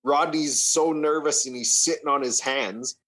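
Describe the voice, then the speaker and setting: A young man from Canada telling a wild story in casual podcast chat, swearing freely and acting out the shouting. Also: fairly high pitch, a little slow. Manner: animated, swearing, acts out shouts.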